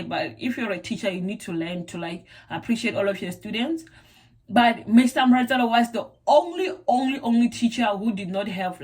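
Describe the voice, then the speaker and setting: A young South African woman with a South African accent, chatting casually to camera in a rambling way, repeating words and using lots of fillers. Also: mid-range voice. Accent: South African English. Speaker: vlogger.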